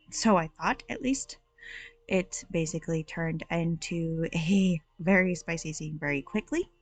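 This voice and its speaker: Chatty woman reviewing books, lower voice. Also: dry recording. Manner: chatty, rambling, with many fillers. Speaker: book review host. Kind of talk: casual book review chat.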